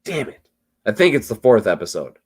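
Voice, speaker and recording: A man hosting a casual after-show livestream, slightly tipsy, swearing freely and answering chat comments with sudden excited jumps. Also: fairly quick, husky. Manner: loose, swearing, swings between low mutters and excited outbursts. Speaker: livestream host reading chat.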